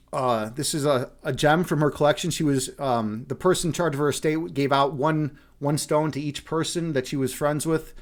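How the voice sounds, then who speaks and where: A young man from Chicago talks loosely to his live-stream viewers, his voice sitting a little higher than most men's. He rambles, restarts his sentences and swears now and then, in easy casual chat. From Chicago, USA. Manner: rambling, many restarts and fillers, frequent swearing. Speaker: streamer, meditation host.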